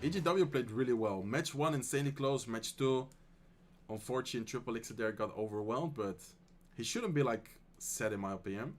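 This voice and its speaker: A Dutch man streaming live, calling an esports match in English with a Dutch accent, then answering chat in a relaxed, friendly way. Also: medium pitch, soft background music. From Netherlands. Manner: excited fast play-by-play calls that give way to relaxed, soft chat replies. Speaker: streamer and tournament caster.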